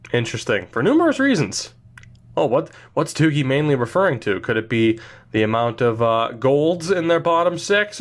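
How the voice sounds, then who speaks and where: A young man talks through his hockey video game run in a loose, joking way, mocking himself as he goes. His pitch jumps around a lot, and he drags out his pauses for effect. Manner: playful, self-mocking, drawn-out pauses. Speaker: gaming video host. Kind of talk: casual game commentary.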